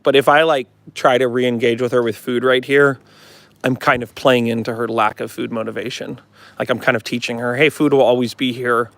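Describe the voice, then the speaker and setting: A man's voice: medium pitch, little pitch movement, a little fast, gravelly, a bit bright, no room sound. A man talking as a dog trainer in a casual live demonstration, chatting to his viewers and coaxing a dog along. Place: at home with a dog, partly in the yard.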